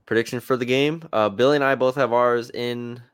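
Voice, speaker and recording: A man's voice: mid-range voice, steady tone, a little fast, smooth, no echo. A man co-hosting a sports podcast, talking casually and hedging with fillers and restarts.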